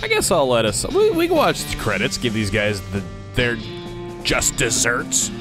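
A man's voice: medium pitch, huge pitch swings, fairly quick, music in the background. A man giving jokey let's play commentary and reading game text aloud. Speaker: gamer.

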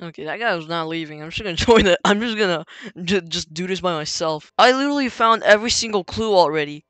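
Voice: medium pitch, moderate pace, no echo. Role: gamer. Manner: jumpy, repeats words in panicked bursts. Style: live gameplay commentary. Behind: game music. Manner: excitable, repeats words in bursts, yelps and shouts when startled. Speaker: gamer playing a horror game.

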